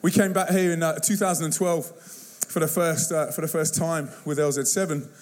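A man preaching an energetic sermon to a church, telling stories in a punchy, slangy, excitable way. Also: a little high, normal speed. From United Kingdom. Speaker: guest youth evangelist. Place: church service.

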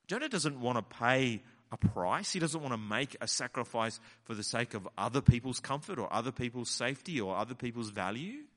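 A man preaching a sermon in an animated way, acting out the lines he quotes. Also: medium pitch, fairly quick, few pauses. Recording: long hall reverb.

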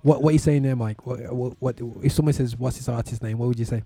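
A man's voice: medium pitch, steady tone, fast, warm tone, breathy edge, no room sound. A man hosting a live radio show, chatting casually, with lots of stammering restarts and laughs.

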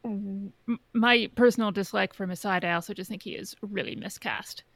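Woman podcast co-host, hesitant and thoughtful, mid pitch with heavy fry, dry close mic. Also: normal speed, a bit bright, dry recording. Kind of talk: casual chat.

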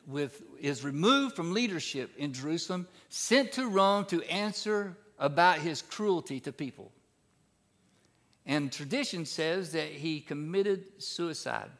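Pastor preaching with rising emphasis. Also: male voice, animated, unhurried, pushed and bright. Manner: reads scripture aloud, then explains it in a conversational teaching way; rises in pitch and volume for emphasis. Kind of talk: sermon.

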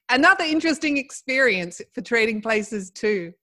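A woman's voice: a little high, expressive, unhurried, sharp tone. A middle-aged woman, a guest in a casual conversation, telling a personal story animatedly and laughing as she goes.

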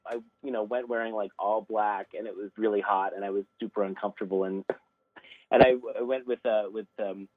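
A man calling into a radio talk show over a tinny phone line, his voice on the low side. He rambles casually, full of fillers and self-deprecating asides. The phone sound is thin and dry. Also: steady tone, brisk, no room sound. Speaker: guest composer. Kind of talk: casual interview.

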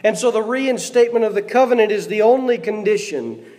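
A high-voiced man with a warm tone delivers a brisk sermon in a church sanctuary. He reads passages of scripture and puts questions to the congregation, and his words carry a long hall reverb.

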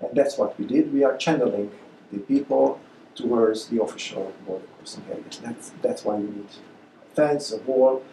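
Man, mellow, echoey hall. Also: medium pitch, a little hiss or hum. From Hungary. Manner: halting, many uh fillers and restarts. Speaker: guest speaker. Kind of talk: lecture Q&A answers. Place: lecture hall. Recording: echoey lecture room.

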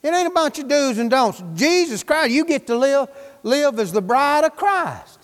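High-voiced preacher in a reverberant hall. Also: male voice, animated. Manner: folksy, fervent, rapid-fire questions to the congregation. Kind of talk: sermon.

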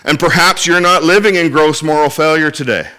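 A man's voice: fairly high pitch, a little fast, sharp tone. A man preaching a sermon as pastor, earnest and direct with the congregation, often restarting his phrases. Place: church in Inverness.

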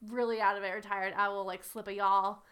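A woman's voice: mid-range voice, level tone, a little fast, a crowd in the background. A woman co-hosting a podcast, asking questions in a teasing, giggly casual chat. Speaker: podcast co-host.

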